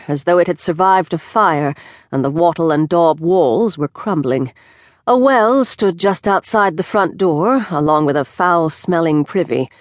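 A woman reads an audiobook, narrating a script in a measured, expressive storytelling style. Her voice is on the low side, captured on a close studio mic in a recording studio, dry and of studio quality.

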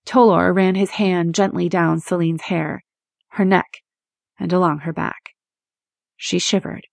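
A woman narrating a romance audiobook in a measured, expressive reading. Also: lowish voice, gravelly, dry recording, studio quality. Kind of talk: scripted narration.

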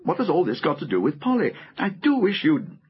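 A man's voice: fairly high pitch, huge pitch swings, a little fast, voice pushed up. A man doing an anxious young boy. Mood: urgent. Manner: urgent, pleading. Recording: muffled audiobook recording, faint music.

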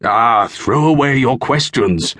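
A man's voice: mid-range voice, takes it slowly, fairly bright tone, no echo, clean studio sound, voice pushed up. A man voicing a mysterious, very tall cloaked stranger who speaks urgently and in riddles. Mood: dismissive. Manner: urgent, cryptic.

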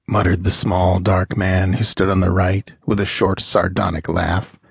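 A man narrating a pulp adventure audiobook in a measured, dramatic storytelling manner. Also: low-pitched, little pitch movement, creaky, breathy edge, no room sound, clean studio sound.

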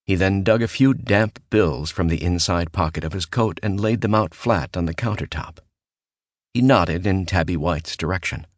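A man narrating a horror audiobook in a measured, even storytelling voice, recorded on a close studio mic. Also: low voice, no room sound. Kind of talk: scripted narration.

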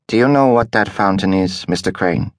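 Guy doing a tiny woman doctor, mid-european accent, soft and measured, dry close sound. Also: low-pitched, dry recording, lightly acted. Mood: cool, probing. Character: tiny middle-aged woman doctor, cool and guarded.

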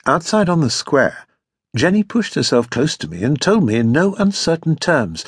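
Husky-voiced male audiobook narrator. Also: a little high, very animated, normal speed, no room sound, clean studio sound. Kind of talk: scripted first-person narration. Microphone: close studio mic.

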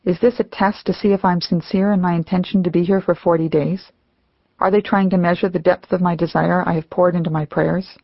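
A middle-aged woman, the author, reading her own memoir aloud in a measured, reflective way. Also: lowish voice, steady tone, gravelly, no room sound. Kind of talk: audiobook memoir narration. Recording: dull, slightly lo-fi dry audio.

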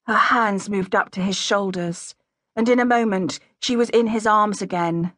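Woman audiobook narrator, mid-pitched, smooth and even, dry studio sound. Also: normal speed, no room sound. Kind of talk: scripted narration. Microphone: close studio mic. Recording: dry close-miked studio.

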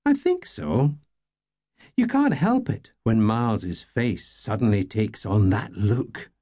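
Man doing a curious chatty young woman, pitched up, lively, audiobook. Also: slow pace, no echo, full character voice.

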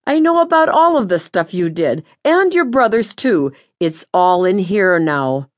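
A woman's voice: on the low side, sing-song, measured pace. A woman voicing the scolding, blunt ghost of an older mother in an audiobook. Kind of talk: audiobook character voice.

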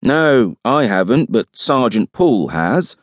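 A man's voice: medium pitch, sing-song, slow, no room sound, pitched above the performer's own voice. A man doing a dry, cynical pathologist. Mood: matter-of-fact. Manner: dry, matter-of-fact. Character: cynical, urbane middle-aged male pathologist.

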